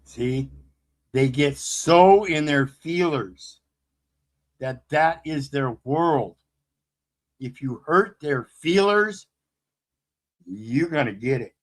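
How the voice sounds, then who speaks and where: A man's voice: fairly high pitch, expressive, slow pace, pauses often. Fiery preachy male commentator. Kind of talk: impassioned commentary.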